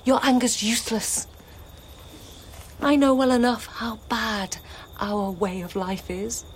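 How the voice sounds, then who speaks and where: A woman playing a cautious younger sister in a classical drama, reproaching in a hushed, partly whispered voice. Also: on the high side, fairly even intonation, slow, slight background noise. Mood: reproachful.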